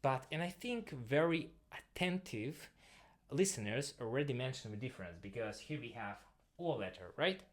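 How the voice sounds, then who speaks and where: A man's voice: medium pitch, animated, normal speed. Russian-accented man teaching a language lesson. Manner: explains step by step, writing on a board.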